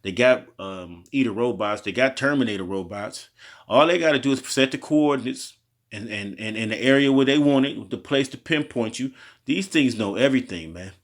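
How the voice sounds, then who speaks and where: A man leads an informal Bible study, reading verses and then unpacking them in loose street slang. He keeps checking in with his listeners and trips over unfamiliar words, restarting them. His voice sits at an ordinary middle pitch. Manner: loose slangy delivery, often tagging "man" and "okay?"; halting over word pronunciations, restarting often. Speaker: street preacher teaching scripture.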